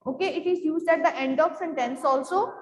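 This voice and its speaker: Woman teacher, high-pitched, repetitive classroom questioning, reverberant room. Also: a little fast. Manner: repeats questions to the class, fills with "you can say". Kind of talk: classroom grammar lesson. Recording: echoey room with long reverb.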